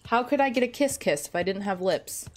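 Faint music plays behind a woman streamer whose mid-range voice is animated and brisk. Chatting casually on her gaming stream close to a desk mic at home, she rambles with self-deprecating jokes.

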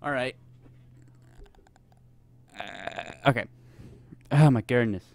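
A man's voice: medium pitch, slow pace, creaky, darkish tone, no echo. A young man giving nervous, rambling commentary while playing a horror game, full of fillers. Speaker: gameplay commentator. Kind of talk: let's play commentary.

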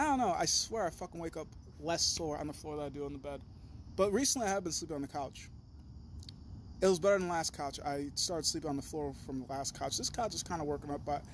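A young man vlogging in a rambling, profane, animated monologue. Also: a little hiss or hum. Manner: talks in a high sing-song to his dog.

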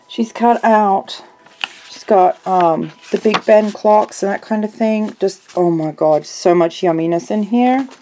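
Slow, mellow-voiced woman gushing over crafts. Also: medium pitch, a little hiss or hum. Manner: gushing, exclaims over each item. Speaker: craft vlogger. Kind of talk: casual chat opening happy mail. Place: home art room.

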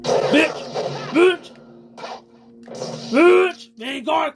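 A high, wildly swinging voice commentates a fighting match, shouting and swearing without pause. The delivery is slow and drawn out, with insults flying at the game and the room. Loud game music blasts behind the whole time. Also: big pitch swings. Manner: yelling, swearing, trash-talking. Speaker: gameplay commentator. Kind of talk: loud profane gameplay commentary.

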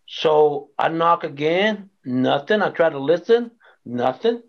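A man's voice: a little high, takes it slowly. A man telling his life testimony in an interview, acting out the voices in his story. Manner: animated storyteller acting out quoted dialogue. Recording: dull lo-fi sound.

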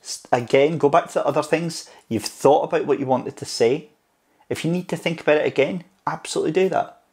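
Speaking on the high side with a darkish tone, a man shares friendly tips for addressing the camera in his vlog. He varies his speed for emphasis, picked up by a clip-on mic on the tripod.

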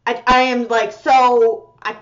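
A young woman reacting to a music video, excitable and profane, gasping and exclaiming as she comments. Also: a little high, takes it slowly. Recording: slightly muffled audio with music playing behind. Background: music video playing.

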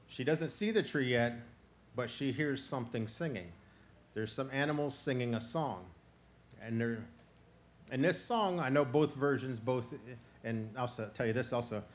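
A man from Florida telling a traditional animal tale live to an audience, conversational and animated, breaking into chanted song. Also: medium pitch, normal speed. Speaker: storyteller. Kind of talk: live oral folk storytelling.

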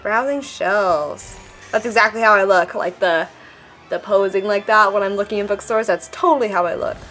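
A woman casually commenting while playing a mobile game, chatty and excitable, reading the on-screen text aloud. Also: medium pitch, brisk, faint music behind. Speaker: gameplay vlogger. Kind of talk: casual let's-play commentary.

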